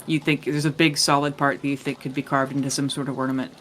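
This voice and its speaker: A man's voice: mid-range voice, level tone, fast talker, fairly bright tone. A man narrating as game master of a tabletop game, in a loose, rambling, joking way.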